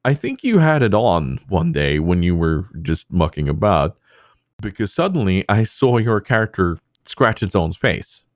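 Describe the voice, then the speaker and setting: Very deep-voiced Norwegian-accented man. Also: very animated, measured pace, no echo, studio quality. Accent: Northern Norwegian. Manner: hesitant, self-deprecating, stammering restarts. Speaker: podcast co-host. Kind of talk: casual gaming podcast chat.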